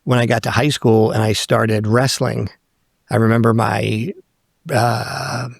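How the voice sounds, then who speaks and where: A man's voice: mid-range voice, measured pace, gravelly, no echo, studio quality. A middle-aged man from Northern Virginia telling stories as a podcast guest, acting out the people he quotes and swearing casually. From Northern Virginia, USA. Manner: animated storyteller who acts out quoted people, swears casually. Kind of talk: casual storytelling conversation.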